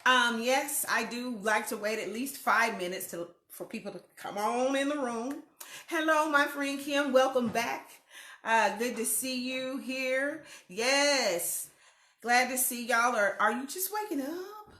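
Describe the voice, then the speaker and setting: A woman talks slowly and warmly to her viewers, stretching out her words and greeting each one by name. Her voice is bright and clear. The sound rings a little, as if the room at home has bare walls. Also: high-pitched, roomy sound. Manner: chatty, greets viewers by name, slow and drawn out. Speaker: host of a weekly live video chat. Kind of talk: casual live-stream chat.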